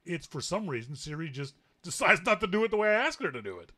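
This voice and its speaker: A man's voice: on the high side, very animated, quick pace, sharp tone. A Canadian man hosting a tech talk show, chatting casually, laughing easily and restarting his sentences. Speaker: podcast host.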